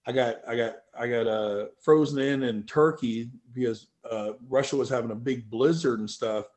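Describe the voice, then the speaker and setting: A man telling stories as a powerlifting guest in a casual interview, animated and swearing freely. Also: mid-range voice, normal speed. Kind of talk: casual storytelling.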